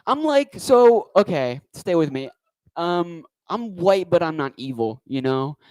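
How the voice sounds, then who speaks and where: A man's voice: on the high side, very animated, a little slow, darkish tone, smooth, dry recording, rough recording. A man doing a stand-up comedy set on a club stage, talking into a handheld mic with a wry, rambling delivery.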